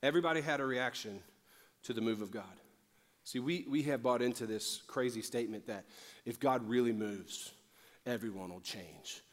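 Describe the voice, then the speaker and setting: A man's voice: medium pitch, normal speed. A man preaching a sermon as pastor, building with fervor and emphatic repetition. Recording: long hall reverb with faint music.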